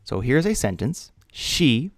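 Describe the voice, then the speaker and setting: A man teaching an English grammar lesson, speaking slowly and deliberately, spelling out letters and repeating key words. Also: medium pitch, sing-song, no room sound, studio quality. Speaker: ESL teacher.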